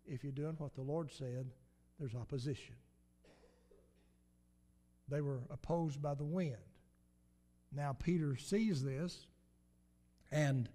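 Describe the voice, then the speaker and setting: A man's voice: fairly high pitch, a little mellow. A man preaching a sermon in an emphatic, repetitive cadence, with swells of volume.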